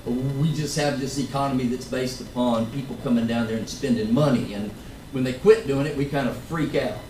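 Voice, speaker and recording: A man's voice: mid-range voice, a little fast, a little mellow, slight background noise. A man from Florida, a singer-songwriter chatting between songs on stage at a pub, rambling and joking with wry asides to the crowd. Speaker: singer-songwriter performing live. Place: live music pub on stage. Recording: echoey club recording from far off. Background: guitar and band music.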